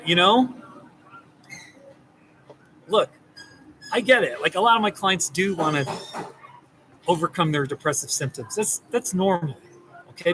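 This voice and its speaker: A man who works as a therapist, talking casually and gently to the camera, rambling and reassuring. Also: a little high, a little hiss or hum, low-quality recording. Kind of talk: casual direct-to-camera talk.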